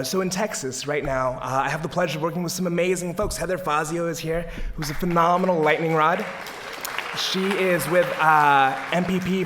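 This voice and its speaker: A man's voice: fairly high pitch, a bit bright, a little hiss or hum. A young man speaking at a panel for an advocacy group, enthusiastic and humorous, rallying the audience from a podium. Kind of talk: energetic public speech at a panel. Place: lecture hall, at a podium.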